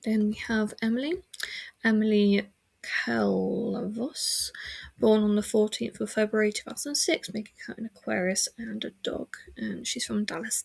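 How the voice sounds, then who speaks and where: Woman rambling on her home podcast, lots of likes and ums, gravelly fry in her voice. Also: mid-range voice, steady tone, normal speed. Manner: rambling, heavy use of filler words; frequent self-corrections and restarts. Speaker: podcast host. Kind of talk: casual chat. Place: room at home.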